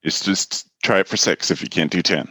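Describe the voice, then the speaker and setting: A man's voice: low voice, a little fast, bright, forceful tone, no echo. A man in his thirties hosting a podcast, chatting candidly and telling stories with a frank, mildly profane edge. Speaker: podcast host. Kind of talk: casual podcast chat.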